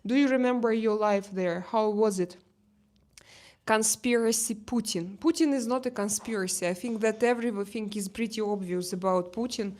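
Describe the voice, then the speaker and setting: A woman with a Russian accent hosting a casual livestream chat, reading viewer comments and pausing often with fillers and restarts. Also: medium pitch, a little mellow. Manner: hesitant, many fillers and restarts. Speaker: livestream host. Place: outdoor terrace.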